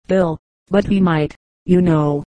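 A woman reading the lines of a kind young man in a gentle, reassuring storybook voice. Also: on the low side, steady tone, slow, no room sound, dull audio.

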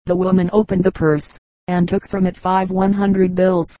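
A woman narrating an audiobook of humorous anecdotes in an even, unhurried reading voice. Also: fairly low pitch, no echo, poor audio. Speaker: audiobook reader.

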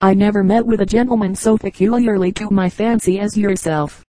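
A puffed-up gentleman suitor of an old storybook, gushing and stiffly formal, read by a woman narrator. His voice is mellow and recorded dry and close. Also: medium pitch, steady tone, fairly quick, dry recording, close to an everyday voice. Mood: effusive. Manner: effusive, overly formal. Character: pompous vain gentleman suitor, man.

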